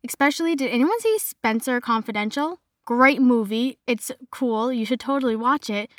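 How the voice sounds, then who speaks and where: A woman's voice: fairly high pitch, lively intonation, normal speed, no echo, studio quality. A young woman from Massachusetts with a mild Boston accent, chatting casually as a podcast host, full of "like" fillers. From Massachusetts, north of Boston. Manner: chatty, bubbly, lots of "like" fillers. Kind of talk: casual solo podcast chat.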